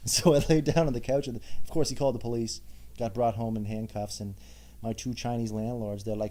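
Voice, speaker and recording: A man's voice: mid-range voice, fairly even intonation, fairly quick, dark tone. A young man in a personal monologue as podcast host, telling his own story with candid, self-mocking asides.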